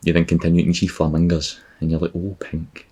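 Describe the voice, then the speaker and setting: A man's voice: sits low, completely flat delivery, rapid-fire, warm tone, slightly rough. A Scottish man hosting a podcast, rambling through a comic, sarcastic and profane travel monologue. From Scotland. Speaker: podcast host.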